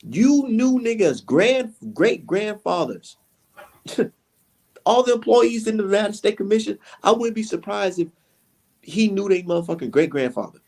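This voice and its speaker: A man's voice: high-pitched, lively intonation, moderate pace, darkish tone. A man co-hosting a casual boxing chat, talking in a heated, profane, rambling way. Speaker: podcast co-host.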